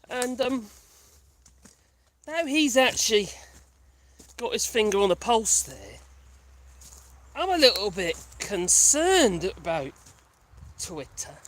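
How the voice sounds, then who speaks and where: A woman's voice: mid-range voice, big pitch swings, takes it slowly, pauses often. A woman vlogging casually on a country path, rambling and chatty while out of breath. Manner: rambling, chatty, laughs often. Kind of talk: casual chat while walking.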